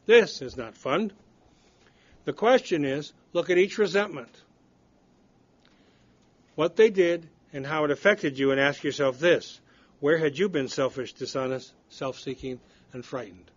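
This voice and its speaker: Older man, slightly high voice, blunt candid storyteller, self-deprecating, recovery meeting talk, dull lo-fi recording. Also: unhurried, pauses often. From United States. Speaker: recovery study speaker. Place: meeting room.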